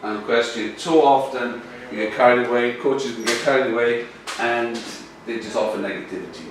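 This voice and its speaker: A rugby coach, a man, giving a lively workshop talk to other coaches. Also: medium pitch, moderate pace. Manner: lively, animated, addresses audience directly. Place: workshop room. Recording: echoey room from far off, faint noise.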